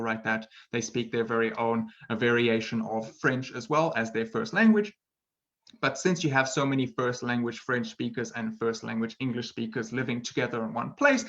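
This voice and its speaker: A man gives an online webinar lesson, explaining in a chatty, easygoing way and often pausing on fillers. His voice sits at an ordinary middle pitch. The sound is a little dull and lo-fi, as from a computer microphone. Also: fairly bright tone. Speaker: language teacher. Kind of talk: webinar lecture.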